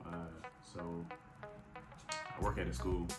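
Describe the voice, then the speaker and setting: A man's voice: sits low, little pitch movement, slow pace. A man giving an earnest, conversational faith talk, repeating phrases for emphasis. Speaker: faith vlogger. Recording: echoey room with background music.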